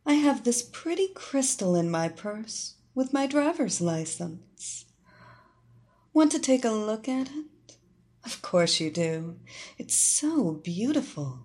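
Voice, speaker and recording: A woman voicing a seductive female hypnotist who speaks slowly in a sultry, soothing way. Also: on the high side, sing-song, darkish tone, voice pushed up.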